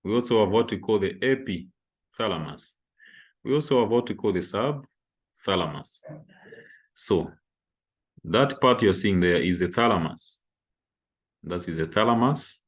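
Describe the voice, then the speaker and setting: Male lecturer from Zambia, low voice, patient step-by-step explanation of a diagram. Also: lively intonation, measured pace, pauses often. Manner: explains while pointing at a diagram, frequent "okay". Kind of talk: anatomy lecture.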